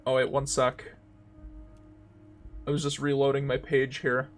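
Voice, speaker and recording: A man live-streaming a video game, reacting out loud in an excitable, swearing way. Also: medium pitch, unhurried, faint music behind. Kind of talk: casual live-stream commentary.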